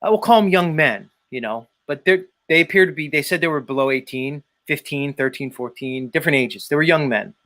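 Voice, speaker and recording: A man hosting a live stream, talking casually in an animated, rambling way with frequent swearing. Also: on the high side, fairly quick, few pauses. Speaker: host.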